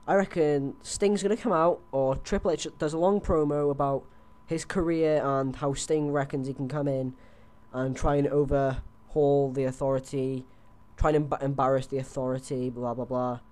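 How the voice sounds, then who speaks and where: A man's voice: medium pitch, fairly even intonation, normal speed, hardly any pauses, a little mellow. A young man on a headset, chatting loosely through his predictions with lots of fillers and restarts. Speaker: host. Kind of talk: casual wrestling predictions chat.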